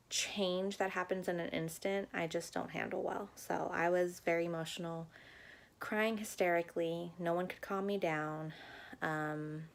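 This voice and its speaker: Young woman vlogger, low gravelly voice, candid chatty storyteller. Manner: candid, chatty, frequent ums. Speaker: new mother vlogger. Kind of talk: casual personal storytelling.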